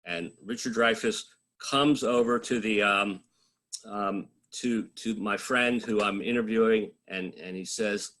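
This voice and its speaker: Bright-voiced man telling wry stories. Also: on the low side, fairly even intonation, a little slow. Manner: anecdotal, wry, with frequent fillers and restarts. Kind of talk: casual storytelling talk.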